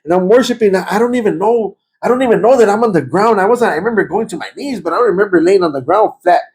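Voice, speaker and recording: A man telling his conversion testimony in a conversation, repeating himself and stammering, and turning loud and fervent as he relives praying, with Spanish words slipping in. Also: high voice, quick pace. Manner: grows loud and fervent when reliving prayer. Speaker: guest giving a testimony.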